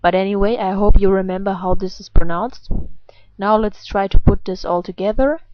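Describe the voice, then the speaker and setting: A woman with a German accent, a native German speaker, patiently teaching pronunciation in a slow explanatory lesson and often asking questions. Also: medium pitch, steady tone, no echo, dull audio. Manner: patient, questioning, drawn-out words. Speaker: language teacher.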